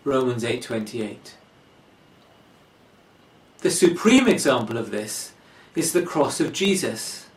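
Slow, lively-pitched preacher in an echoey church. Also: male voice, far from the mic. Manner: slow, deliberate expository preaching. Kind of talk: sermon.

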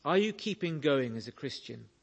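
A man preaching a sermon, slow and earnest, telling stories to make his point. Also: on the high side, sing-song, vocal fry, breathy edge.

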